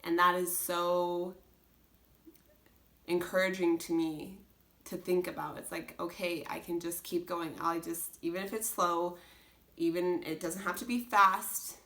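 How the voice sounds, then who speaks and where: A young mother chats to the camera about homeschooling in an earnest, rambling way, looping back with restarts and filler words. Her voice sits a little low for a woman. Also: little pitch movement, unhurried, fairly bright tone. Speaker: homeschooling mom vlogger. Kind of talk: casual chat.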